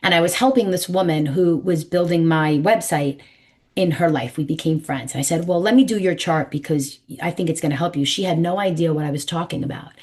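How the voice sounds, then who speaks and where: Brief: New York woman, forties, numerologist podcast guest, lowish voice, emphatic storyteller. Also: fairly quick. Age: 40s. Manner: animated, emphatic, acts out quoted voices.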